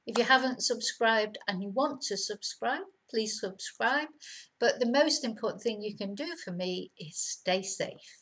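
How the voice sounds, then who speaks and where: A woman's voice: fairly high pitch, a little slow, fairly bright tone. A woman teaching vocabulary to camera, patiently explaining each word in two languages.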